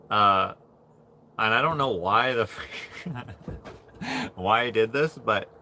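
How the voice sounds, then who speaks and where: Slow, bright-voiced man telling a story. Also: mid-range voice, a little hiss or hum. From Canada. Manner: rambling, keeps laughing mid-story. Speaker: livestream host. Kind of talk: casual storytelling on a livestream.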